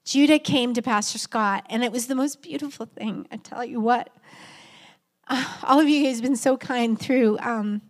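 A woman's voice: on the high side, normal speed. A middle-aged woman pastor preaching a heartfelt, conversational sermon in a church, with a friendly "y'all" manner. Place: church sanctuary.

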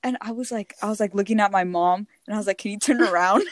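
A teenage girl telling a story in casual chat, animated and often laughing as she quotes others. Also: mid-range voice, quick pace, no room sound. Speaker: podcast co-host.

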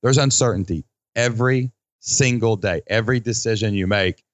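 Lowish guy hosting a podcast, chatty and folksy, swings way up when he quotes people, dry sound. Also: normal speed, no echo. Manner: animated, acts out quotes with big pitch jumps, folksy slang. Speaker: podcast host. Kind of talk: casual podcast conversation.

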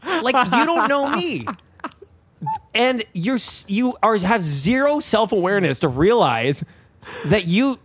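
A young man hosting a podcast, telling a story in casual chat, animated and swearing, acting out the voices of people he quotes. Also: sits high, a little slow, husky. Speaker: podcast host.

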